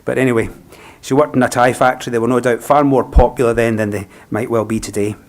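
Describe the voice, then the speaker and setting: A man with a Scottish accent, a funeral celebrant speaking a eulogy in a gentle, reflective, unhurried way. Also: mid-range voice, steady tone.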